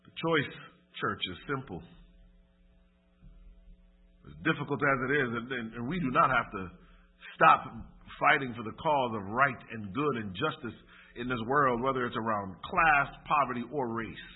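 A man preaching a sermon and closing in prayer, emphatic and impassioned, rising and dropping with pauses. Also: mid-range voice, breathy edge. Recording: thin phone-like sermon audio.

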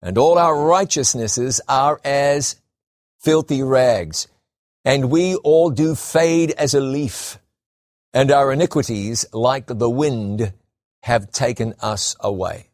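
A man preaching a sermon, emphatic, slowing down and repeating key phrases for stress. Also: medium pitch, a little mellow, no echo, studio quality.

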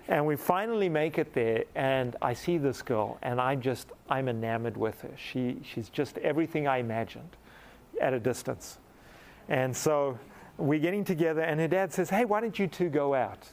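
A middle-aged man preaching, telling a personal story in a lively, animated way that rises into excited laughter. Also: medium pitch. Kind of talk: storytelling sermon.

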